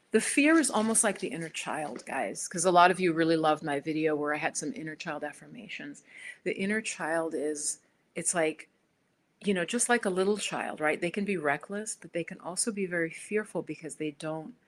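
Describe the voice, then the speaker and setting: A middle-aged American woman chatting casually on her own livestream, rambling with restarts and fillers. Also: deep voice. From United States. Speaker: spiritual YouTuber.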